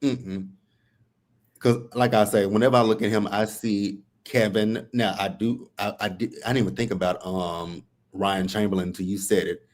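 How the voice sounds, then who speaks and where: Male co-host, lower-pitched, relaxed casual chat, thinks out loud and restarts lines. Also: normal speed. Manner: relaxed, chuckles, restarts his sentences. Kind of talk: casual live review chat.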